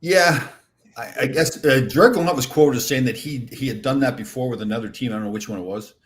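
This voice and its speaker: A man's voice: medium pitch, fast talker. A man hosting a casual podcast, teasing his guests and laughing easily. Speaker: podcast host. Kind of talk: casual chat.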